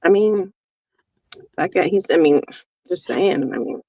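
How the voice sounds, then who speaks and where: A woman's voice: on the low side, measured pace, a little mellow, no room sound. A woman hosting a casual livestream chat, rambling and gossiping with friends and mimicking other people. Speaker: livestream host.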